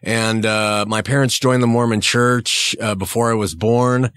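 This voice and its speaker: A man's voice: fairly low pitch, fairly even intonation, unhurried, a bit bright, clear, resonant tone, no echo. A middle-aged man from Southern California, a church pastor and guest, talking candidly and casually in a studio interview, laughing easily.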